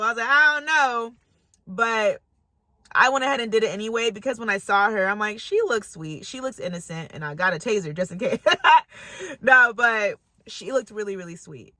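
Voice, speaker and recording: A young woman with a bright, forceful voice tells a story from her own life, animated and laughing often, acting out how she reacted. The sound is dry and close, with no room echo. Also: mid-range voice. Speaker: storytime vlogger. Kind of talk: casual storytelling.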